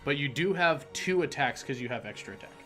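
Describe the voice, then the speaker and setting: A man's voice: medium pitch, animated, fairly quick, fairly bright tone, soft background music. A man acting as game master, explaining rules and describing the scene with a playful, teasing manner. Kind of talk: narrating a tabletop game online.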